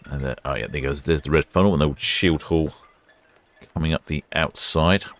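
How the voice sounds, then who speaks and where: Very deep-voiced man chatting casually. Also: moderate pace. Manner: chatty, rambling, with many fillers. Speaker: ship-watching livestream host. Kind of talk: casual live commentary.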